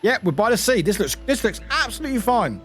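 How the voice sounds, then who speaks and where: A young British man streaming a video game, chatting casually with lively outbursts, jokes and laughter. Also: sits high, fast, faint music behind. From United Kingdom. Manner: animated, laughing, swearing, chatty. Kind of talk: casual gameplay commentary.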